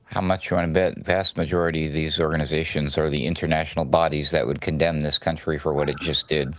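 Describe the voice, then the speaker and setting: Deep sarcastic man on a news talk show. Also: level tone, fairly quick, fairly bright tone, no echo. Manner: sarcastic, mocking, with put-on voices. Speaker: co-host. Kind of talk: casual political commentary.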